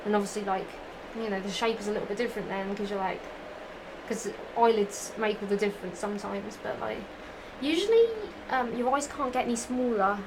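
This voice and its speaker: A woman's voice: mid-range voice, brisk, background noise. A woman reading fan fiction aloud, breaking off into giggly, profane, rambling asides.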